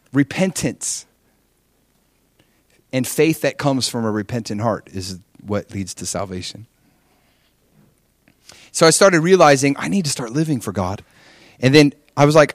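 A man from Hawaii preaching, telling his own testimony with animated storytelling and frequent rhetorical questions. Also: medium pitch, moderate pace, no echo, studio quality. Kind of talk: testimony sermon.

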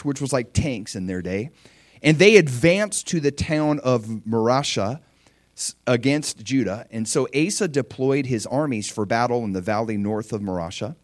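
A man preaching a sermon, lively, acting out prayers and quotes. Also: medium pitch, no room sound. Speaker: pastor.

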